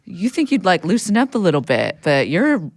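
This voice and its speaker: Lively low-voiced woman trading quips. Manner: teasing, quick quips. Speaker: podcast co-host. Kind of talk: casual podcast banter.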